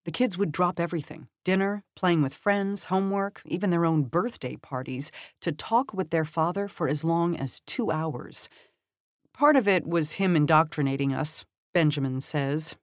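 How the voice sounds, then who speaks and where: A woman giving a measured, scripted narration of a long magazine article, lifting her voice when she reads quoted lines. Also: deep voice, no echo, studio quality.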